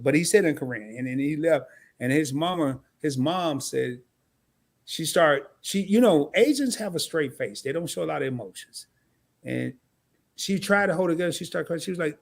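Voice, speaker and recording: A man hosting a casual live stream, telling stories with animated energy and talking straight to his viewers. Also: a little high, moderate pace, gravelly. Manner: animated storytelling, talks straight to the chat. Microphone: camera mic.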